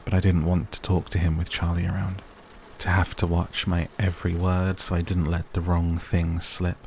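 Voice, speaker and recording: A man narrating a bedtime sleep story in a slow, soft, even reading voice. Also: low voice, a little hiss or hum. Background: rain sounds.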